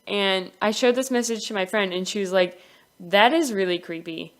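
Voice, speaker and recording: Young woman, smooth clear voice, casual storytelling, giggly, acts out quotes. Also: mid-range voice, moderate pace. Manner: giggly, animated retelling with quoted dialogue. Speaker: animation storyteller.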